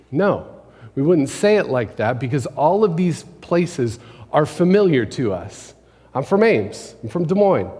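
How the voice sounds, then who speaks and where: Pastor preaching in a reverberant church. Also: male voice, medium pitch, warm tone. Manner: conversational preaching, rhetorical questions, drops to near-whisper for emphasis. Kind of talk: sermon. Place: church sanctuary. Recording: long hall reverb.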